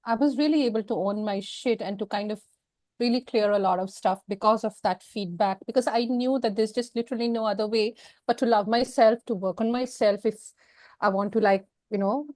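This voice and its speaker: A woman speaking as an interview guest, telling a personal story in a frank, emotional, expressive way. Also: medium pitch, brisk, no room sound.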